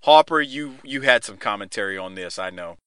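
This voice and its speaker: A man hosts a loose, casual podcast, laughing often and cursing freely as he rambles through quick restarts. His voice is bright and forceful, smooth and resonant. It is recorded close and dry. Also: fairly low pitch, animated, no echo. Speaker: podcast host. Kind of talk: casual podcast chat recapping a wrestling show.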